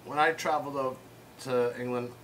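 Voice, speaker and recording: A man's voice: mid-range voice, fairly even intonation, moderate pace, a bit bright, slight background noise. An American man hosting a casual chat, rambling through anecdotes with plenty of fillers. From United States. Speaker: host. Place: home room with pets.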